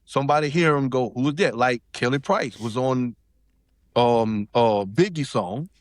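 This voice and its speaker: A man's voice: mid-range voice, unhurried, dry recording, clean studio sound. A man from South Carolina, telling a story in casual chat and acting out quotes in shifting voices. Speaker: podcast guest.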